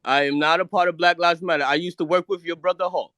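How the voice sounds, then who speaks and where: A man's voice: fairly high pitch, steady tone, fast, sharp tone, no room sound. A man from the United States calling into a live audio room, arguing defensively with the host and talking over him. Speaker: caller. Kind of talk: heated call-in argument.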